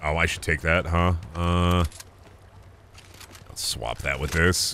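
A man's voice: low-pitched, slow pace, long pauses, pushed and bright. A young man streaming a shooter game, joking around and swearing as he plays. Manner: joking, repetitive bits, swears often. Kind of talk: casual gameplay commentary.

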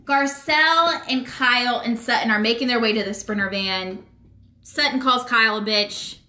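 Bright-voiced young woman gossiping casually. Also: a little high, normal speed. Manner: gossipy, animated, many "like" and "um" fillers. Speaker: reality TV recap vlogger. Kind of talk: casual chatty recap.

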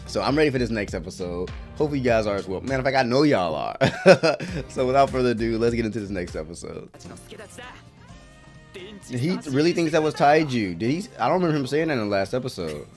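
Talking fast in a slightly mellow, medium-pitched voice with big pitch swings, a man gives casual reactions to an anime episode, exclaiming and laughing at the screen. The episode's soundtrack is faintly audible.

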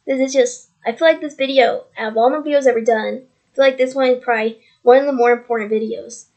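A woman vlogging from home on a computer mic speaks quickly and with a steady tone, her voice on the high side yet darkish. The highs in the audio are cut off. She rambles earnestly and repeats herself as she shares her faith in a casual testimony.

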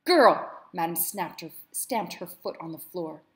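A woman teacher reading a novel aloud with commentary, measured and expressive. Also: fairly low pitch.

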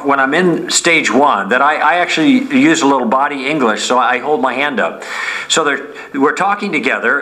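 Guy giving a bible class talk, bright clear voice, keeps asking okay?. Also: mid-range voice, rough recording. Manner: conversational, often checks in with "okay?"; acts out sample lines in friendly tone. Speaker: Bible teacher. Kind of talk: teaching talk.

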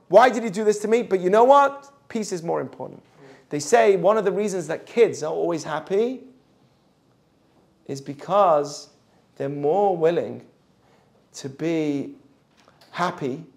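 A man teaching a Jewish ethics class, animated, acting out the voices of the people he quotes. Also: fairly high pitch.

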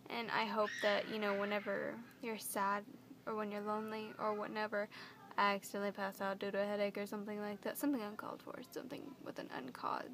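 A young woman vlogging to camera, gushing and emotional as she repeats her words, with a creaky voice. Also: mid-range voice, monotone, fast talker, a bit bright, slight background noise. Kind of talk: earnest direct-to-camera vlog.

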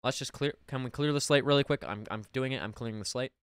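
A young man streaming a game live, ranting at his chat in melodramatic mock outrage, then dropping to quiet muttering. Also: mid-range voice, fast talker, smooth, dry recording, clean studio sound. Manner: melodramatic mock outrage, swinging between loud rants and muttering.

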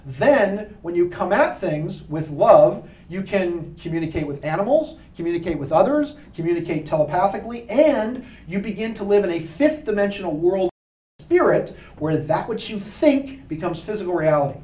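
Animated man lecturing in an echoey room. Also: high voice, moderate pace, recorded from a distance. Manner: animated, jokey, preacher-like. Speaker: speaker giving a lecture. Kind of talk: live talk to an audience. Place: room with an audience. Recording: echoey room, voice picked up from afar.

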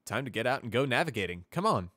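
A man's voice: fairly low pitch, fairly quick, fairly bright tone, no room sound, studio quality. A man voicing a cheerful, eager young male pegasus navigator in a fan storybook reading. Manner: upbeat, eager, talkative.

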